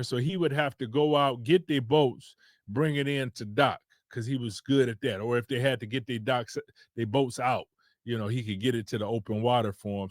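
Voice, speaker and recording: A man's voice: medium pitch, no room sound, clean studio sound. A man from Detroit, a podcast host, telling a casual rambling story with loose restarts.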